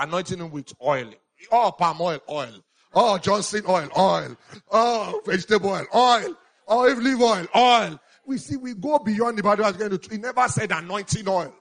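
A man preaching a sermon as a pastor, animated, swinging between loud exclamations and quiet asides. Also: fairly high pitch.

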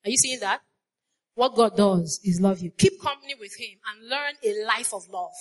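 A woman's voice: mid-range voice, normal speed. A woman preaching a sermon, repeating her phrases and putting questions to the congregation. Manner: call-and-response, asks the congregation questions.

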